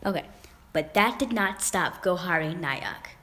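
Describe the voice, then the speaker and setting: A young woman chatting straight to camera in a loose storytime vlog, circling back and restarting her sentences. Her voice sits a little low for a woman. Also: animated, measured pace, a bit bright. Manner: rambling, with many fillers and restarts. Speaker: vlogger. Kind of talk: casual storytime chat.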